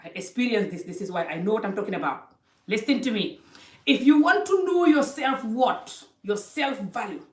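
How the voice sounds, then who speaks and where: A woman giving passionate life advice to camera. She talks emphatically, repeats phrases for stress and uses non-native English grammar. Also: on the high side. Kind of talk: impassioned monologue to camera. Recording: echoey room, voice a bit distant from the mic.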